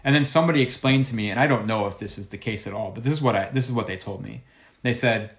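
A man's voice: medium pitch, fast talker, a bit bright. A man who works as a juggler, animatedly telling a backstage story with many restarts and repeated words. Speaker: circus performer, juggler. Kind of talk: conversational storytelling.

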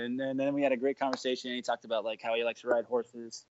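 Fast-talking animated man, dull dry sound. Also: medium pitch, no room sound. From United States. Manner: animated storyteller, acts out quotes. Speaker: guest juggler. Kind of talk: casual podcast chat.

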